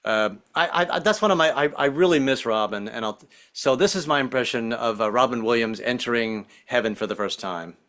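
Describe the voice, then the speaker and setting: A man doing a rambling stand-up comedy set over a video call, slipping into quick impressions. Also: medium pitch, a bit bright.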